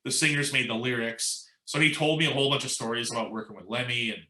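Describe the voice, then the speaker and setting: The audio is poor and the room echoey as a male musician from the U.S. talks fast at medium pitch. Guesting in a casual interview, he tells an animated anecdote, quoting others and repeatedly saying "like" and "you know."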